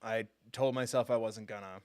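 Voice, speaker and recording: A man's voice: fairly low pitch, fairly even intonation, normal speed, clear, resonant tone, dry recording. A male gaming streamer chatting casually during a live stream, venting with frustration and frequent swearing. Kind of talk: casual live gameplay chat. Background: game music.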